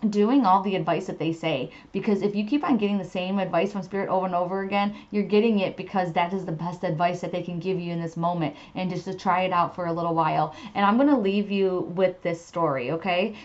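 A woman's voice: fairly low pitch, brisk, hardly any pauses, lo-fi sound. A woman hosting a tarot podcast, giving casual spiritual advice in a chatty way full of "you know". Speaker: podcast host and tarot reader.

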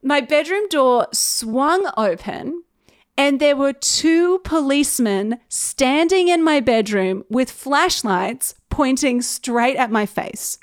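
A woman's voice: high-pitched, lively intonation, slow, dry recording, clean studio sound. A young woman telling a personal story in a casual, chatty way, often laughing as she goes.

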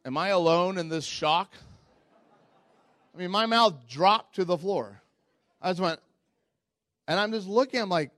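A man preaching a sermon as pastor, telling stories in a candid, self-mocking way and jumping into high squeaky voices when quoting people. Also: moderate pace, long pauses, dry recording, clean studio sound. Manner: animated storytelling, jumps into high squeaky voices for quotes.

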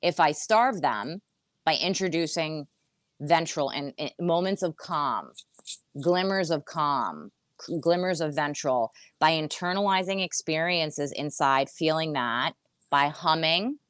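Low-voiced woman therapist explaining. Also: lively intonation, unhurried, fairly bright tone, no room sound, studio quality. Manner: earnest, repeats phrases for emphasis. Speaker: therapist guest. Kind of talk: conversational explaining. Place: seated in a chair.

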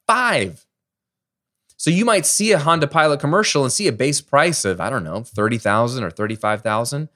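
A middle-aged man from the United States hosting a solo podcast, explaining ideas in a lively, conversational way with everyday examples. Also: mid-range voice, quick pace, few pauses. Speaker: podcast host. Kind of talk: casual solo podcast teaching.

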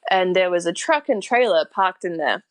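A chatty Australian woman with a fairly low voice tells a story in a relaxed interview. She laughs often and leans on fillers as she talks. The recording is dry and close. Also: normal speed, no room sound. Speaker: guest.

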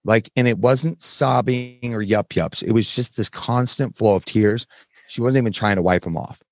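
Frank male podcast guest, low voice, dry close sound, blunt storyteller. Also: dry recording. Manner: frank, plain-spoken, occasional swearing; halting, many fillers and restarts while recounting. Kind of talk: candid interview storytelling.

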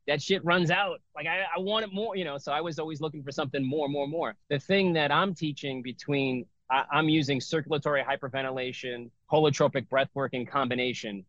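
A man's voice: medium pitch, a bit bright, no echo. Rambling middle-aged man, dull dry audio. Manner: loose, rambling, full of fillers and restarts. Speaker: breathwork and yoga teacher. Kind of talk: casual interview talk.

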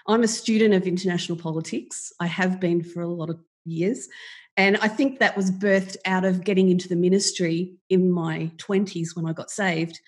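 A middle-aged Australian woman, a podcast guest speaking frankly and laughing easily in casual interview chat. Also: mid-range voice.

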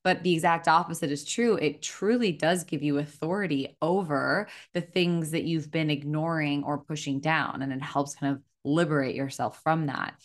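Deep-voiced woman podcast host. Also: moderate pace, hardly any pauses. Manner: warm affirming listener, lots of "like" and "mm-hmm". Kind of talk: casual podcast conversation.

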